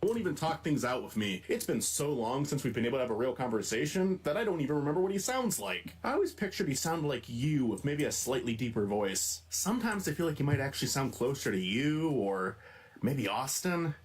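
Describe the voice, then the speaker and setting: A man voicing a troubled young man who is bitter about his family, speaking in a soft, slightly raised voice for fan audio drama takes. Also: mid-range voice, big pitch swings, brisk, husky, pitched above the performer's own voice. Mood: resentful.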